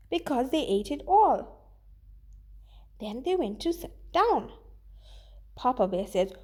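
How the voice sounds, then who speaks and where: A woman teacher reading a children's story aloud with expressive delivery, then giving her students a worksheet task. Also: high voice, measured pace, pauses often.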